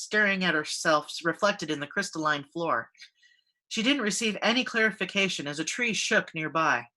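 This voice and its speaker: Bright-voiced woman reading fiction. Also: lowish voice. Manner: expressive, steady narration. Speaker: fiction reader. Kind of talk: audiobook fantasy reading.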